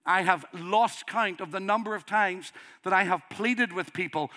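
A middle-aged man with a Northern Irish accent preaching a sermon, passionately, building to loud pleading. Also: high-pitched, moderate pace, few pauses. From Northern Ireland.

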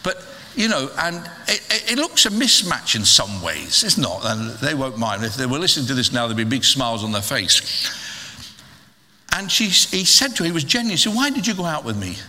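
A middle-aged man preaching a sermon in a lively, humorous way, with stammered restarts. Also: medium pitch, normal speed. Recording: long hall reverb.

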